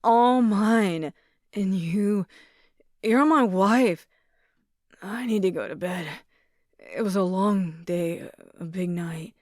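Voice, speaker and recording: A woman's voice: mid-range voice, dry recording, lightly acted. A woman plays a hammered, belligerent man, slurring and dragging his words as he barks them out. The audiobook reading is close and dry. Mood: drunken, belligerent. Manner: slurred, slow, shouting. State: drunk. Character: drunk angry man, slurring, belligerent ex-husband.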